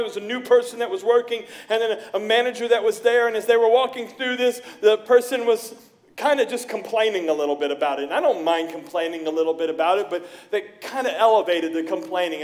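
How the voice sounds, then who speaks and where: A middle-aged man preaching a sermon as pastor, telling stories with lively voices for the people he quotes. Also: sits high. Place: church sanctuary.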